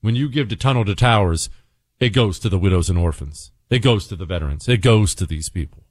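A young adult man runs a talk radio show with an opinionated monologue full of emphatic, sarcastic, repeated punchy lines. He has a low-pitched, expressive voice and talks a little fast. The recording is clean studio sound without echo.

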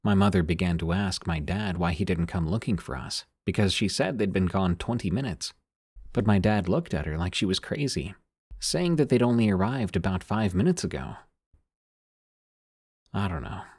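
A man reading listener-sent scary stories aloud as a narrator, in a measured storytelling delivery that sinks quieter on the eerie lines. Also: deep voice, lively intonation, breathy edge, dry recording, clean studio sound.

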